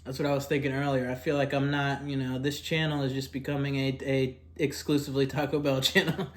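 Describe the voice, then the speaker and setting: A young man talking casually about fast food in an eating vlog. He rambles, fills pauses with "like" and "kinda", and talks while eating. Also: mid-range voice, flat delivery. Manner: rambling, filler-heavy, drifting softer and louder. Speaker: food vlogger.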